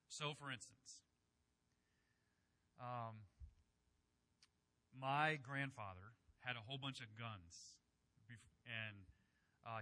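Bright-voiced man preaching conversationally. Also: medium pitch. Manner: conversational preaching, acts out quotes with sudden loud bursts. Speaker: pastor. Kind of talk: sermon.

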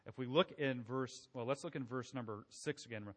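A man's voice: mid-range voice, normal speed. A man preaching a conversational sermon, often asking his listeners questions as he works through scripture. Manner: conversational, asks the congregation questions. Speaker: pastor. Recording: long hall reverb.

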